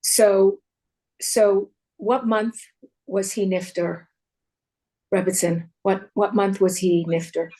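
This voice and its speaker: A woman host chatting with her guest after a talk, responding warmly and thinking aloud. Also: mid-range voice, level tone, slow pace. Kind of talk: casual chat.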